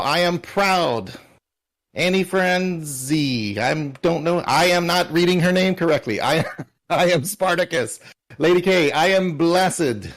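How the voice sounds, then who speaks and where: A man co-hosting a charity closing ceremony, upbeat and laughing easily as he reads names from chat. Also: a little high. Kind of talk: casual live-stream chat.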